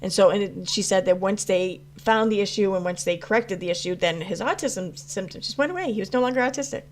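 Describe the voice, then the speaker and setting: A woman's voice: mid-range voice, fast. A woman hosting a casual livestream, reacting to chat messages and rambling through her views with many restarts, some swearing and frequent laughter. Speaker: commentary channel host reading live chat.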